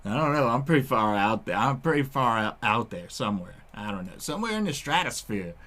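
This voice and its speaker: A man's voice: mid-range voice, sing-song, a little fast, sharp tone. A man hosting his own channel, chatting casually and rambling at home with frequent laughs. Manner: laid-back, rambling, laughs a lot. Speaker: channel host. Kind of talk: casual stoner chat to camera. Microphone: headphones and desk mic.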